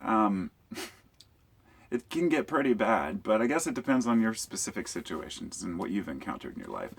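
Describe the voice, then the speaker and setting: A man with a husky, somewhat low voice tells a long story to his camera. He rambles and restarts, acting out the other people's lines with sudden jumps in loudness. It sounds like casual vlog storytelling. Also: moderate pace. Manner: rambling, animated retelling with quoted dialogue. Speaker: YouTuber.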